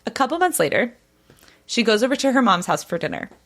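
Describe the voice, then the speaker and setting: Lively high-voiced woman podcast host. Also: fast. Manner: animated, acts out quoted people with bright voice jumps. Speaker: podcast host telling a gossip story. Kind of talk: casual storytelling chat.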